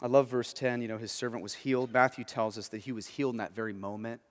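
A male pastor preaching a sermon, moving between hushed and emphatic delivery. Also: mid-range voice, steady tone, fast, in a large hall.

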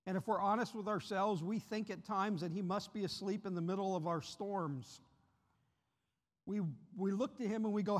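Guest preacher, male, higher voice, earnest, lifts his pitch for quoted cries, big reverberant church sound. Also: moderate pace. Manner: earnest, voice rises sharply when voicing the disciples' cries. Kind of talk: sermon. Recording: long reverb of a large hall.

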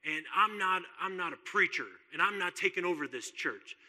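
A man playing a gruff, blunt oil executive who serves as a church elder, speaking loudly and forcefully. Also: fairly high pitch, normal speed, big-room sound. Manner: loud, forceful, plain-spoken.

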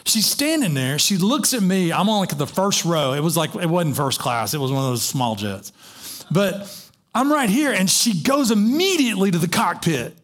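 Animated preacher, fairly high voice. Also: male voice, normal speed. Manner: animated storytelling with many restarts. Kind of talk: sermon.

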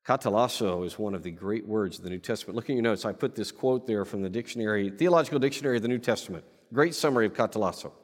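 A pastor preaching a sermon from the pulpit, animated and playful, with asides to the congregation. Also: male voice, on the low side, very fast, few pauses, in a large hall. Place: church sanctuary.

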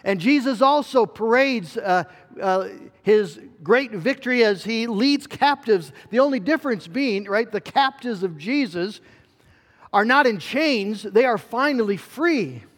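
A man's voice: high voice, expressive, measured pace, in a large hall. A middle-aged male pastor preaching a sermon in an earnest way, with fillers and restarts.

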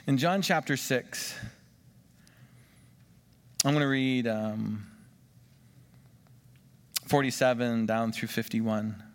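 A man preaching a sermon, swinging between emphatic rises and quiet drops, and drawing the congregation into questions and call-and-response. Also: mid-range voice, slow, long pauses. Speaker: pastor. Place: church sanctuary. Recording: long church reverb.

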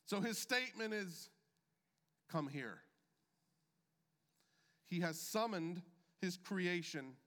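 Slow, bright-voiced preacher in a hall. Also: male voice, high-pitched. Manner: measured preaching with deliberate pauses and emphatic drops. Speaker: pastor. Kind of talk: sermon. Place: church sanctuary.

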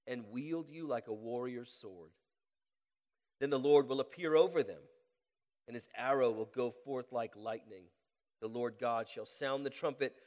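A man with a head cold preaching a sermon, reading scripture aloud with a deliberately slowed cadence and praying. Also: medium pitch, darkish tone, long reverb tail. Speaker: pastor. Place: church sanctuary.

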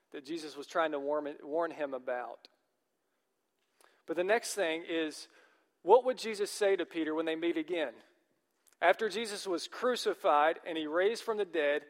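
In a large church hall with long reverb, an earnest male pastor delivers a sermon in a somewhat high voice. He keeps turning to his listeners with questions while encouraging them.

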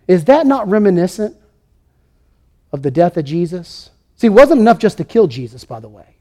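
A man's voice: high voice, very animated, moderate pace, darkish tone. A man preaching a sermon, emphatic, acting out the voices he quotes. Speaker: pastor.

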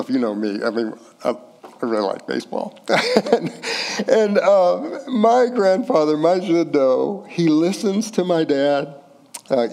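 A man's voice: medium pitch, warm tone. A man preaching a sermon as pastor, in a conversational way with light self-deprecating humor.

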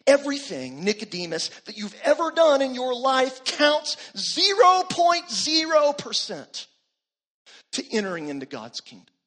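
Man, pastor, sermon delivery, emphatic, animated pitch, bright voice. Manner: emphatic, building repetition.

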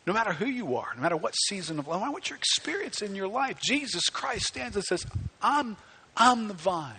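A middle-aged pastor delivers a lively sermon in a bright, ringing voice that sits a little high for a man. He drops to near whispers, then builds to loud, fervent peaks. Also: fast talker, creaky, husky. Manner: animated preaching, swinging from hushed to near-shouting.

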